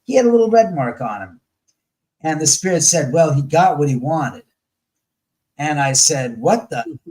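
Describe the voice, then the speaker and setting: A man with a somewhat high voice, talking as a guest in a casual, blunt and profane way. He slips into the voices of the people in his stories as he tells them, and the delivery keeps jumping around. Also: expressive, moderate pace, darkish tone, rough recording. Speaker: guest on a paranormal talk show. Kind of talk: casual storytelling in conversation.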